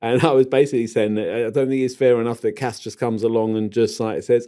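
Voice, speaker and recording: A man's voice: mid-range voice, fairly even intonation, a little fast, few pauses, mellow. A man co-hosting a gardening podcast, chatting casually in a rambling, jokey way that keeps interrupting itself. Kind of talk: casual chat.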